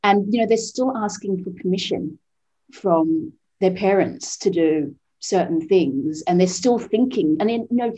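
A woman's voice: medium pitch, unhurried, warm tone. A woman of Vietnamese heritage raised in the West, speaking earnestly and reflectively as a podcast guest, with frequent fillers and restarts. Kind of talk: conversational interview.

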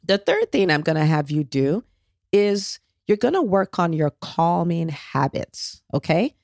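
A woman's voice: on the low side, lively intonation, measured pace, a little mellow, no echo, clean studio sound. A woman hosting a motivational solo podcast, coaching listeners directly and checking in with frequent "okay?"s, with an encouraging, faith-based tone. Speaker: podcast host.

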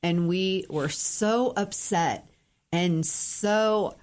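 Give me a low-voiced woman reflecting earnestly as a podcast guest. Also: very slow, darkish tone. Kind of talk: casual conversation.

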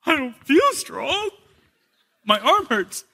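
A tearful little boy whines and pleads, played by a man, his voice pushed high and thin. He sounds small, hurt and sorry for himself. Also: sing-song, slow pace, vocal fry, sharp tone, heavily acted. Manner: whiny, pleading.

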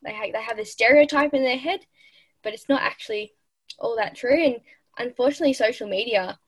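A woman's voice: fairly high pitch, brisk, slightly rough, no echo. A nineteen-year-old Australian woman, a podcast guest, chatting earnestly and upbeat in an interview. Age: late teens. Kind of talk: casual interview chat.

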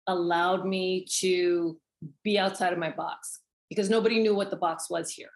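A woman's voice: on the low side, fairly even intonation, normal speed. A woman guest in an interview, talking thoughtfully about her work as an actor. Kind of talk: conversational interview.

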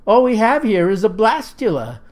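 A woman voicing a calm male doctor who speaks in a measured, explaining way. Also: mid-range voice, pitched above the performer's own voice, lightly acted. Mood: patient.

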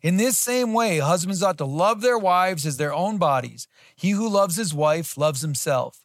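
A man with a fairly high voice gives a relaxed, conversational sermon. He reads scripture aloud and circles back on his main points, repeating them to drive them home. The sound is close and dry. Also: measured pace, dry recording. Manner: plain-spoken, repeats key phrases for emphasis. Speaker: Bible teacher.

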